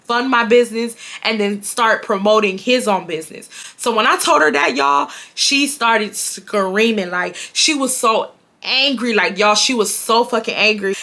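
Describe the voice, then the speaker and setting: A woman's voice: fairly high pitch, bright, forceful tone. A woman, telling a casual storytime and repeating phrases for emphasis. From Houston, Texas. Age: 20s. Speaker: storytime YouTuber.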